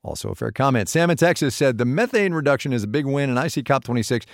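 A man's voice: mid-range voice, animated, fast talker, no room sound, studio quality. A man co-hosting a podcast in casual chat, wry and self-deprecating. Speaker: podcast co-host.

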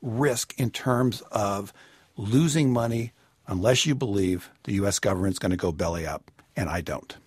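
A man giving personal finance advice on a radio call-in show, measured and explanatory with a wry touch. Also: on the low side, breathy edge, no room sound.

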